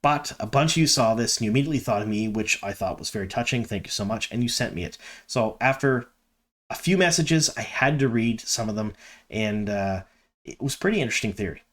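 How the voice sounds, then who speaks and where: A man's voice: lowish voice, expressive, brisk, fairly bright tone. A man from Canada hosting a fan video, talking casually and enthusiastically with frequent ums and asides. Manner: chatty and enthusiastic, many ums.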